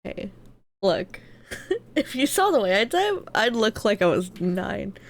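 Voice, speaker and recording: A woman's voice: medium pitch, sing-song, takes it slowly. A woman streamer chatting casually on a live stream, telling loose stories with a lot of swearing. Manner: loose storytelling with frequent swearing.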